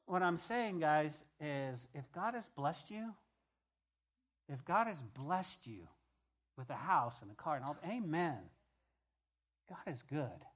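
A man's voice: on the high side, lively intonation, slow pace, long pauses. A middle-aged male pastor preaching a conversational sermon, repeating key phrases and telling stories from the pulpit.

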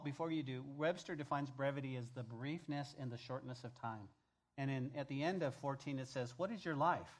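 A male pastor preaching a sermon, emphatic, repeating key phrases and swinging between loud and hushed delivery. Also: mid-range voice.

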